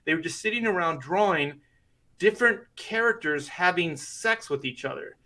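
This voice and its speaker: A man's voice: sits high, animated, moderate pace, pushed and bright. A middle-aged man, a comic artist, telling a rambling anecdote in casual chat and laughing through it.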